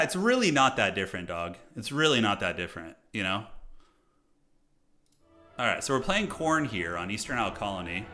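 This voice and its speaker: Chatty streamer, bright voice. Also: male voice, fairly low pitch. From United States. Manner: chatty, talks to chat, joking asides. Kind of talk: casual live-stream game commentary.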